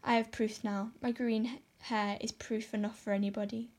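A woman reading aloud and voicing a stern, sharp-tongued middle-aged woman who scolds briskly. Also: fairly high pitch, little pitch movement, natural voice. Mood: sarcastic. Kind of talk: audiobook character voice.

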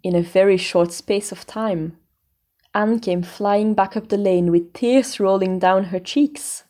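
A woman narrating a storybook in a measured, even way. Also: mid-range voice. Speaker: audiobook narrator. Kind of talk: storybook reading.

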